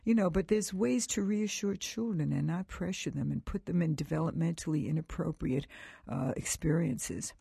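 A woman's voice: low voice, moderate pace, creaky, hardly any pauses, slightly rough, no echo, clean studio sound. An older woman educator speaking as a radio guest, telling stories with animation and frequent laughs. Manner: animated storyteller, laughs often. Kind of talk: call-in radio chat.

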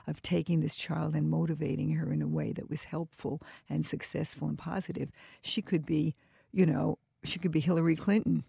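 Gravelly older woman with a New York accent. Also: sits low, moderate pace, no echo, clean studio sound. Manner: animated storyteller, laughs often, restarts. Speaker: guest, educator and author. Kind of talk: radio talk show conversation.

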